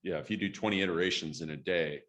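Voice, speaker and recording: Deep-voiced man hosting an interview. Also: fairly bright tone. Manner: conversational, quick affirming interjections. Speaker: host.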